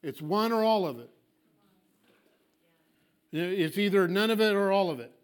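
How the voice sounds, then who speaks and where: Emphatic high-voiced male pastor preaching. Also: expressive, unhurried, clear, resonant tone. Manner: emphatic, swings from loud declarations to hushed asides; acts out congregants' objections in a small voice. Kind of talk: sermon.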